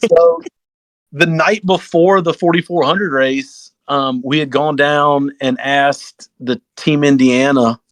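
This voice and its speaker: A man's voice: on the high side, steady tone, slow, dry recording, poor audio. A young man, a guest on a casual podcast, telling a long story in a rambling way, full of fillers, and acting out what other people said. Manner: rambling, heavy fillers, acts out others' lines. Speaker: podcast guest, off-road racer.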